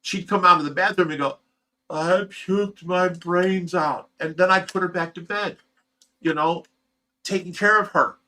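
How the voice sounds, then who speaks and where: A man's voice: high voice, fairly quick, bright, forceful tone. A man hosting his own channel, telling a painful personal story to his viewers in a raw, rambling, emotional way. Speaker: host of a fish rescue channel.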